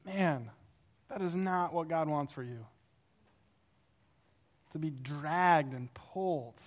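A male pastor preaching a sermon, telling stories in an animated, conversational way. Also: a little high, slow pace.

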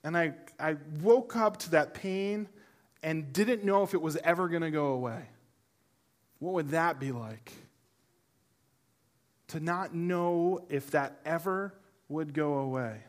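A middle-aged man, a pastor preaching to a church congregation, telling a personal story with humor and animation, then turning softer and earnest. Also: a little high, slow, pauses often. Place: church service before a congregation.

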